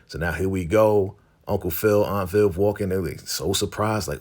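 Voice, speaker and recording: Male recap host, low deep voice, laid-back and slangy, loose conversational delivery. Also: fairly even intonation, moderate pace, a little mellow. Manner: laid-back, chatty, slangy retelling with many fillers. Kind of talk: casual episode recap.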